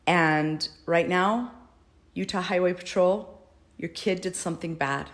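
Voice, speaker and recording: Low-voiced earnest mother pleading. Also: measured pace. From United States. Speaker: mother speaking out. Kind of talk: personal video address.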